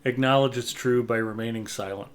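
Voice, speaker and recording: A man's voice: mid-range voice, fairly even intonation, brisk. Joking middle-aged man hosting a stream. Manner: joking, wry anecdotal storyteller. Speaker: livestream gaming host. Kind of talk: casual chat while gaming.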